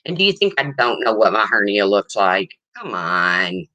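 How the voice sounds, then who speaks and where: An older woman chatting on her livestream in a blunt, rambling, defensive way. Her low voice gets her mistaken for a man, yet it sounds bright and edgy, and her pitch jumps around a lot as she talks. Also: big pitch swings, normal speed, no echo. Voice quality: low, husky-sounding voice, often mistaken for a man's. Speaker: livestream host. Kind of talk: casual livestream chat.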